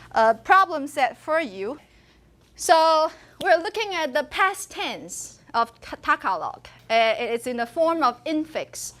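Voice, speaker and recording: Female linguistics lecturer, high voice, animated anecdotal classroom style. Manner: animated storyteller, laughs often.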